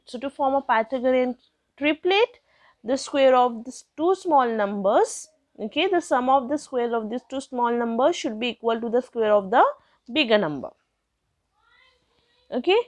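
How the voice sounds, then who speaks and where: A woman's voice: sits high, lively intonation, normal speed, no room sound. A young woman teaching a maths lesson step by step, asking questions and answering them herself. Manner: patient, asks questions then answers them.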